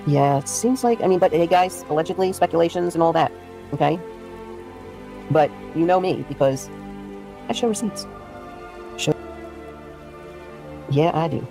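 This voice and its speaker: A woman's voice: fairly low pitch, animated, moderate pace, pauses often, mellow, faint music behind. A woman streamer giving casual livestream commentary, ranting in a heated, indignant and profane way.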